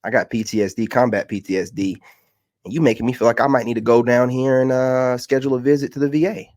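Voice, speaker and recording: Man, mid-pitched, fed-up vlog rant, mocking tone, dry close sound. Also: fairly even intonation, fast, darkish tone, dry recording. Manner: exasperated, ranting, mocking. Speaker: content creator.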